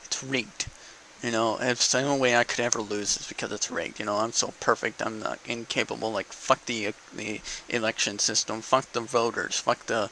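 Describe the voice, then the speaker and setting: A man's voice: medium pitch, gravelly, sharp tone, poor audio. A young man in a casual, profane political rant to camera, asking "okay?" between points. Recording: faint background noise.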